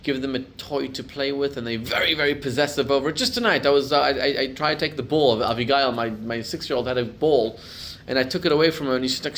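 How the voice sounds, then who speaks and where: A man's voice: mid-range voice, fast, hardly any pauses. Rabbi teaching a class, emphatic man. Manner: storytelling, builds to loud emphatic peaks. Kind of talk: Torah class talk to a live group.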